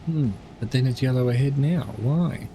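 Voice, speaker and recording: A man's voice: medium pitch, moderate pace, warm tone, slight background noise. A man giving casual, rambling commentary while streaming a driving game. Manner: rambling, chatty asides.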